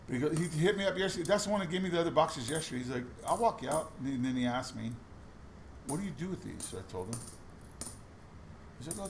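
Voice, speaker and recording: Male vlogger, raised pitch, gravel in the voice, rambling storyteller, faint hiss behind. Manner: chatty storytelling with many restarts. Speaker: coin roll hunting vlogger. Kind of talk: casual chat while searching coins.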